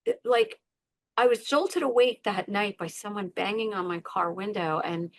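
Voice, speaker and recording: An earnest middle-aged woman talks through a personal story as a podcast guest. Her voice sits at an everyday pitch, and she leans on repeated words and acts out the voices in her head. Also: normal speed.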